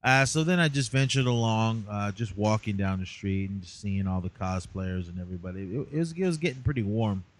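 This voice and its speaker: A man with a lowish voice rambles through a casual recap of his day. He sounds tired and leans on fillers as he goes. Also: fairly quick, hardly any pauses. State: tired, yawning. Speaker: podcast host.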